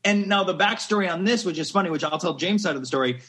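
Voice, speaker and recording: Man, thirties, podcast guest, animated storyteller, fairly high voice. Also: quick pace. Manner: animated, gushing storyteller who acts out quotes. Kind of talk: casual storytelling chat.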